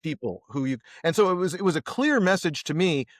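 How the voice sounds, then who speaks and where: A man's voice: a little high, brisk, no echo, clean studio sound. A man co-hosting a podcast, chatting casually and acting out everyday examples as he tells stories. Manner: animated storyteller who acts out examples. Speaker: podcast co-host. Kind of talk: casual conversation.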